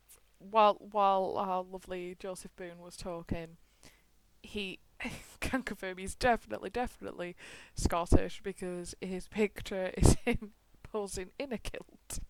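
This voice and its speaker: A woman's voice: medium pitch, dry recording, low-quality recording. A woman streamer giving casual, giggly reactions while playing a game. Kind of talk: casual gameplay commentary.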